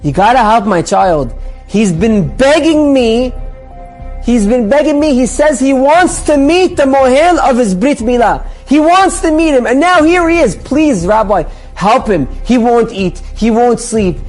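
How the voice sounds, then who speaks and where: A man's voice: high voice, measured pace, hardly any pauses, a little mellow, faint music behind. A man voicing a pleading, distraught mother. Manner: urgent, pleading, repeats herself.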